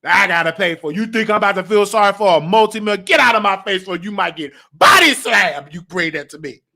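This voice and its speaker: A male talk show host ranting emotionally and in an animated way, sometimes shouting and close to tears. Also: high voice, brisk. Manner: animated, fired-up, at times shouting and near tears.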